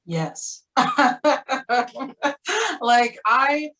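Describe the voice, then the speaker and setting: A young woman theater actor, candid and animated, talking on a panel with frequent "like" fillers. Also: a little high, very slow. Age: young adult. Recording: voice distant from the mic.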